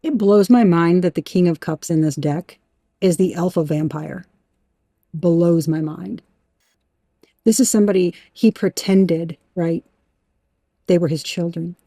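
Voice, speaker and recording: A woman giving a tarot reading in an emphatic, animated way, talking straight to the viewer and swearing now and then. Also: fairly low pitch, a little slow, long pauses, dry recording. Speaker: tarot reader.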